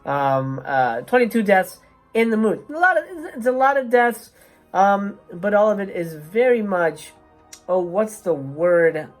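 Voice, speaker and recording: A woman at an ordinary middle pitch, ranting through a film review with sarcasm and plenty of swearing. Her delivery is emphatic and loose, like casual talk to her viewers, with faint music underneath. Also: animated, measured pace. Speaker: movie reviewer, channel host.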